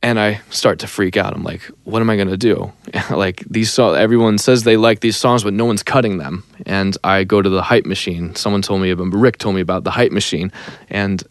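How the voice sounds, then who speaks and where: Young man telling a lively story. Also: lowish voice, brisk, dry recording. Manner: animated, imitates others' voices in his stories. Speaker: interview guest, songwriter. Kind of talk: casual storytelling.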